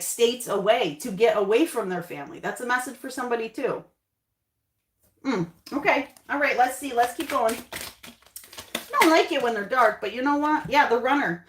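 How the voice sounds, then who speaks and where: Female tarot reader, higher voice, loose reassuring chat, repeats lines, echoey room. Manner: chatty, reassuring, repeats phrases. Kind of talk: casual tarot reading to camera.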